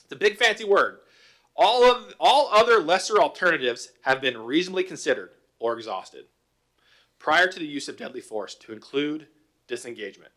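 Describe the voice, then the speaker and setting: Cop addressing council, middle-aged man, raised pitch, conversational, asks rhetorical questions. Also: bright, forceful tone. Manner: conversational, acts out both sides of calls, rhetorical questions. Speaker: police officer presenting to city council. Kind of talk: informal presentation with anecdotes.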